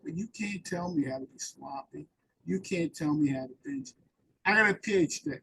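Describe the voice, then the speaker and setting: A man's voice: fairly high pitch, normal speed, noisy background. A man in an interview, telling rambling personal recovery stories and acting out the dialogue. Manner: rambling anecdotal storyteller, acts out dialogue. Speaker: interview guest.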